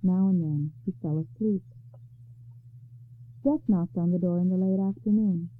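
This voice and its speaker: A woman storyteller on a radio program, calmly reading a story aloud in a measured way. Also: fairly low pitch, faint music behind. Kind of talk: scripted narration. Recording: narrow phone-like radio sound.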